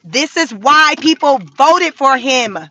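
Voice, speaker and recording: A woman's voice: sits high, animated, slow pace, bright, forceful tone. A woman vlogger delivering a blunt, profane, mocking commentary rant from inside a car.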